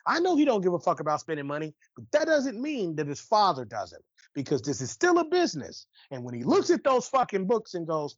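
Here a male podcast co-host with a high, husky voice talks fairly quickly, ranting casually with plenty of swearing and restarts. His manner is animated and rambling. The sound is dull and dry, with no room sound.

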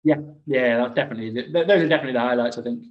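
A man's voice: mid-range voice, very fast, lo-fi sound. A man chats casually as a podcast co-host, rambling and restarting his sentences. His voice sits in the middle of the range. The room around him is echoey. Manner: rambling, frequent restarts and fillers. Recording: roomy echo.

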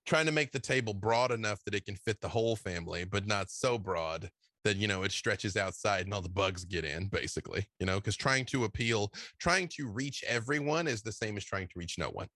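A man's voice: fairly low pitch, lively intonation, a little fast, bright, forceful tone, no echo, clean studio sound. A tired man talking casually as an interview guest, rambling and filling his talk with "you know". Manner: tired after a long day. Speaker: guest game designer. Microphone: video call.

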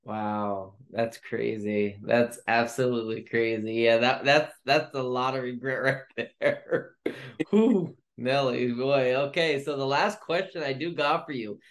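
A man's voice: mid-range voice, a little slow. A man hosting a casual interview, reacting briefly and encouragingly and wrapping up with a friendly sign-off. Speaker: interview host.

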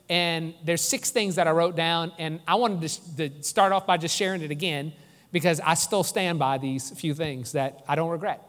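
Man in his forties, pastor, high voice, preaching earnestly, lingering church-hall reverb. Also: fairly bright tone. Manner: earnest, emphatic preaching with repeated phrases. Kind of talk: sermon. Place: church sanctuary.

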